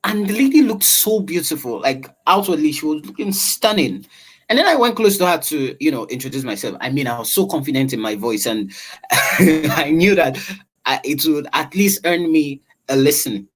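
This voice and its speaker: A man talks through voice training with a husky, velvety tone. His pitch swings widely as he demonstrates and asks questions. It sounds like an interview guest teaching his craft. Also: very animated, normal speed. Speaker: voice-over artist guest. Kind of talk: explanatory interview talk.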